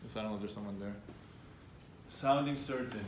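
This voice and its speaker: A man's voice: fairly low pitch, quick pace, very noisy. A man coaching university students on confident speaking at a live workshop, talking directly and acting out hesitant speakers. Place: event room with students. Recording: echoey room with faint background ambience.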